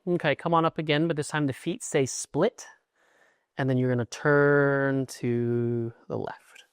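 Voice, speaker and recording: A man's voice: mid-range voice, steady tone, measured pace, smooth, no room sound, studio quality. A middle-aged man teaching a yoga class, cueing poses in short instructions with an encouraging, chatty manner.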